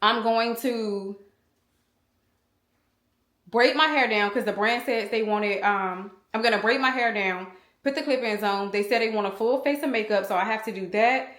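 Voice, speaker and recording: A woman's voice: fairly high pitch, moderate pace, fairly bright tone. Chatty woman vlogging in an echoey room. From United States. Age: 30s. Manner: chatty, addresses viewers as y'all, rambling. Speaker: beauty vlogger. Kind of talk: casual chatty vlog talk to viewers. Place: room at home. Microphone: small handheld camera.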